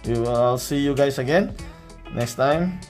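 A man with a Filipino accent doing a casual unboxing vlog, showing things off in a relaxed way and often adding a questioning "right?". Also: medium pitch, a little slow, faint music behind. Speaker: knife reviewer.

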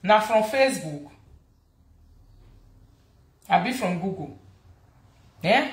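A woman with a Nigerian accent hosts a casual gossip vlog, teasing and mocking as she talks. She sits at a middle pitch and keeps hammering words through repetition. Her voice rings in an echoey room. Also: slow, long pauses. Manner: animated, mocking, repeats words for emphasis. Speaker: gossip vlogger.

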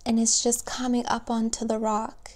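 A woman giving a spoken tarot reading, gentle and emotional, speaking softly and warmly to her viewers. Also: on the high side, completely flat delivery. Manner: slow, soft, gentle and emotional. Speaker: tarot reader.

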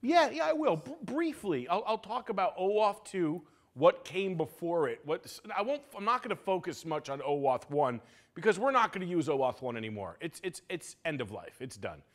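A man teaching a security class at a conference, joking and energetic as he talks to the room. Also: high voice, normal speed. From United States. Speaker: security instructor. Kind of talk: conference lecture. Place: lecture room.

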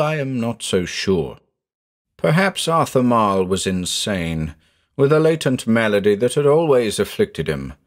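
A man narrating a horror story in a measured, dramatic storytelling manner. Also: lowish voice.

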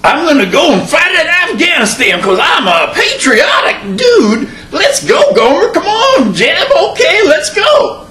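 A whooping rural Tennessee hick. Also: male voice, very animated, measured pace, hardly any pauses, full character voice. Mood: rowdy. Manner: high whooping, laughing yells. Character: loud excitable rural Tennessee man. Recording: echoey room with faint hum.

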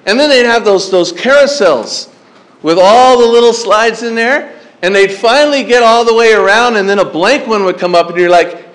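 High-pitched male pastor, animated storyteller, preaching to teens. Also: moderate pace. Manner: animated storytelling, acts out his younger self; asks the crowd questions. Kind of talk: sermon to teen campers.

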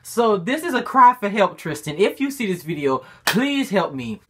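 A man's voice: sits high, very animated, normal speed, sharp tone, husky. A man talking casually in a vlog, rambling and self-critical about his own singing voice, often restarting his sentences. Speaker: amateur singer and vlogger.

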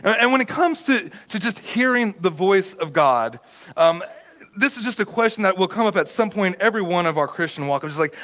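A man pastor giving a conversational sermon in a church, telling stories with sudden bursts of shouting. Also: high voice, animated, fairly quick. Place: church auditorium.

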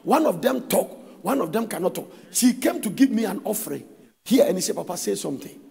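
High, gravelly Ghanaian preacher shouting. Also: male voice, sing-song, a little fast, big-room sound. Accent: Ghanaian English. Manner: shouting, sing-song preaching with sudden drops to storytelling. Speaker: pastor. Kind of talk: sermon. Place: church hall.

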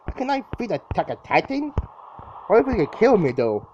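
A man's voice: high-pitched, big pitch swings, normal speed, a little mellow. A young man commentating his own gameplay in a casual, jittery way, exclaiming often and repeating himself. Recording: dull lo-fi mic with clear background noise.

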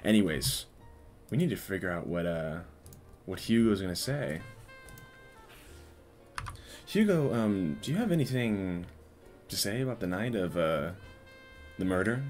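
A man's voice: low voice, sing-song, measured pace, pauses often, a little mellow, faint music behind. A man hosting a live stream, chatting casually and playfully with viewers while he works. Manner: playful, teasing, talks to chat while working.

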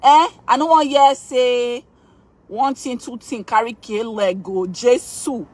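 Pleading, excitable Nigerian woman, high voice. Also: slow pace, no room sound. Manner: emotional, pleading, repeats words, laughs often. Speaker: live streamer asking fans for votes. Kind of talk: excited live-stream chat.

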